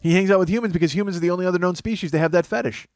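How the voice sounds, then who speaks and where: A man's voice: sits high, rapid-fire, no echo. A man hosting a comedy podcast alone, rambling in a self-mocking way, losing his train of thought and sounding tired from lack of sleep. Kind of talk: rambling solo comedy monologue.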